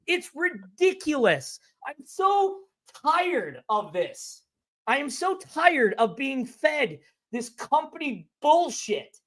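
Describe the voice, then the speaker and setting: A man's voice: extremely high pitch, very animated, measured pace, a bit bright. Exasperated man ranting on a sports podcast. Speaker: podcast co-host.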